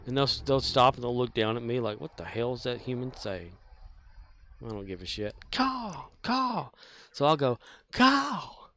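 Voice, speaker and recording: A man's voice: medium pitch, a little fast, fairly bright tone, no room sound. Folksy rambling man chatting while gaming. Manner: meandering storyteller with frequent fillers and restarts; mild profanity, folksy. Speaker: game streamer.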